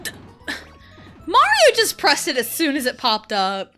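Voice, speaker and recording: High-pitched woman streamer, slow rambling chat, kinda exasperated, lots of ums. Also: wildly swooping pitch, fairly bright tone, faint music behind. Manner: rambling, exasperated, full of fillers. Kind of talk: casual chat while gaming.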